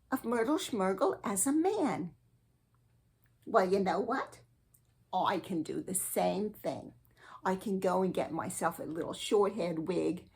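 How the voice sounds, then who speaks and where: A woman hosting a spiritual advice show, giving a slow, earnest and sweetly eccentric comic monologue. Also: lowish voice, husky.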